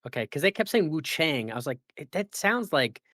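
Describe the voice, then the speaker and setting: A man's voice: a little high, big pitch swings, quick pace, a bit bright, dry recording, clean studio sound. A man hosting a casual gaming podcast, rambling with lots of fillers and restarts. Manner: rambling, filler-heavy and self-correcting. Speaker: podcast host.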